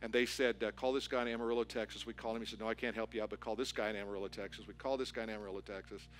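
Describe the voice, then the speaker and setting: A man preaching a sermon as pastor, telling a story with animated, building excitement. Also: lowish voice, racing, a little hiss or hum. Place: church auditorium.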